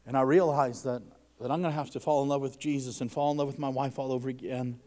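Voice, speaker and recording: A man preaching a sermon to a congregation, fervent, and his voice rises loud when he quotes others. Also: mid-range voice, steady tone, quick pace.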